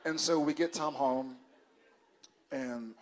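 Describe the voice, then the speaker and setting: A man on a convention panel telling a family anecdote in a soft, laid-back, understated way. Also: mid-range voice, takes it slowly. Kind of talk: storytelling to an audience. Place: large convention hall with audience.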